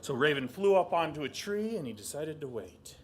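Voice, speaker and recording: Male storyteller, young adult, from southeast Alaska, animated, throws in sound effects. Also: a little high, a little fast, a little hiss or hum. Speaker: storyteller and artist. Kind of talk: oral storytelling.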